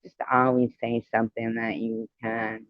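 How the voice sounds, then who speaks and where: A man's voice: medium pitch, completely flat delivery, moderate pace, no room sound, highs cut off. A man telling a personal story to viewers in a casual, rambling, heartfelt way, with many "you know" fillers.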